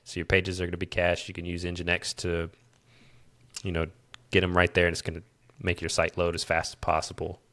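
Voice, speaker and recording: Deep-voiced Midwestern man, dry sound. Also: brisk, no echo. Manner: rambling, restarts often, relaxed explaining. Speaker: podcast co-host and developer. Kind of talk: casual tech chat.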